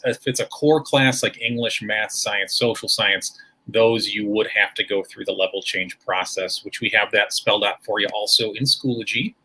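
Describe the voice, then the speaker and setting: A man's voice: mid-range voice, sharp tone, slightly rough. A man hosting a school presentation livestream, taking audience questions with upbeat, formal phrasing.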